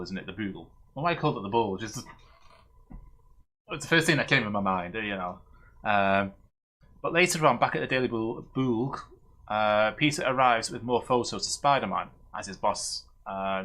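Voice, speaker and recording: A man's voice: lowish voice, sharp tone. A man casually recapping comics as the host of a streamed review show, rambling with many fillers and restarts.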